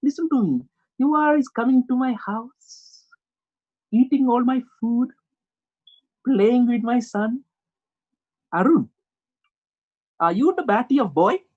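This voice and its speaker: A man's voice: extremely high pitch, expressive, slow, pauses often, phone-quality sound, pitched above the performer's own voice, heavily acted. A man voicing a pushy, mocking Indian father with an Indian accent who keeps repeating himself. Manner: loud, repetitive, interrogating.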